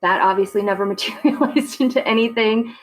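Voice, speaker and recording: A woman's voice: fairly high pitch, a little fast, low-quality recording. A woman in her forties from Long Island, chatting as a podcast guest with easy laughs and many fillers. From Long Island, New York. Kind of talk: casual interview chat.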